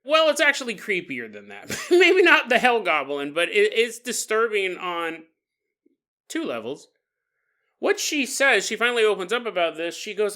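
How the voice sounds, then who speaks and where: Telling a paranormal story on his podcast, a man keeps things casual, chuckling between lines and tossing in jokes. He speaks at a moderate pace in a high, sing-song voice with a sharp tone.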